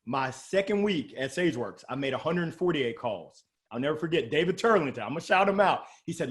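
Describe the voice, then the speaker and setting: A middle-aged man with a Southern drawl from Alabama, talking as a guest in an interview, animated and exuberant, joking about himself. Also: on the high side. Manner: animated, exuberant, quick jokes. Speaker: guest sales coach. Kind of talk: energetic interview talk.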